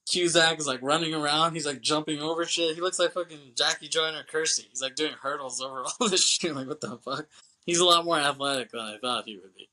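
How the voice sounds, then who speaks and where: Brisk and pitched on the high side, this co-host's pushed, bright voice carries a rambling recap of a film in casual chat. He swears freely and keeps laughing as he talks.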